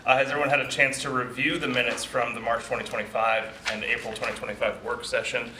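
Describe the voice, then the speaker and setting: A man chairs a board meeting, going through procedure in an easygoing, slightly apologetic way. His voice is medium in pitch, level in tone and quick. The room is echoey, with clear background noise.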